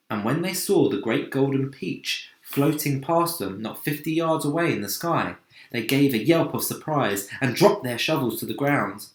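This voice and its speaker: A man, a teacher, reading a children's book aloud in a slow, expressive storytelling voice. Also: medium pitch, roomy sound.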